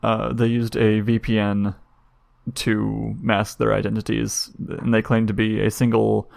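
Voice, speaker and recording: A man co-hosting a casual tech podcast, talking about security in a dry, deadpan, bored way. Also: fairly low pitch, unhurried, creaky, no echo. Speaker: podcast co-host, security guy.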